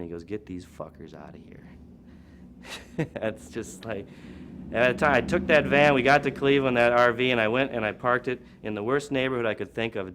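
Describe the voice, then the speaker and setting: A man's voice: on the low side, fairly bright tone, a little hiss or hum. A man telling rambling, laid-back anecdotes in an interview, with lots of "you know" and "like".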